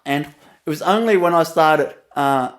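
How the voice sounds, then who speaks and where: A man with a Vietnamese accent and a fairly high voice, speaking as a spiritual teacher in a relaxed storytelling talk. He chuckles often between phrases and pauses on many "uh" and "you know" fillers.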